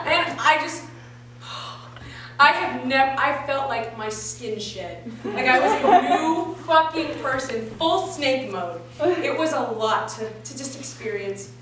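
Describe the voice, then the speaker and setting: A woman's voice: sits high, moderate pace, distant mic, background noise. A woman in her twenties doing a stand-up comedy set, telling stories with lots of swearing and laughing at her own lines. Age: 20s. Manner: profane, animated storytelling with frequent laughs. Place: comedy venue stage. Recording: echoey live room, mic from afar. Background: audience.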